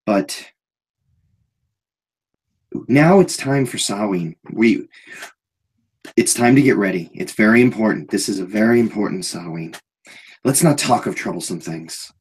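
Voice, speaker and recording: A man voicing a large, childlike, zealous man guard who talks in an excited, eager, oddly fervent way in a tabletop role-play. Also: on the low side, a little slow, pauses often, husky, rough recording.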